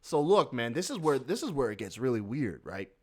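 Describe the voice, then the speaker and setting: A man hosting a podcast tells a story in a medium-pitched voice, going a little fast. He rambles casually and curses a lot, staying animated and breaking into laughs.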